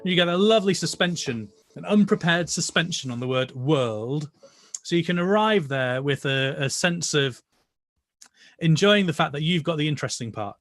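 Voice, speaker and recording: A man with a British accent leading an online choir rehearsal, singing each part and then gently explaining it. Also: a little high, lively intonation, normal speed, no room sound. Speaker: choir director. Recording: voice over loud music playback.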